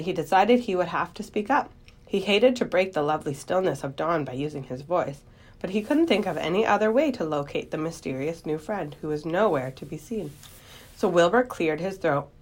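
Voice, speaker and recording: A woman reading a children's book aloud in a gentle, expressive storytelling voice. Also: on the low side.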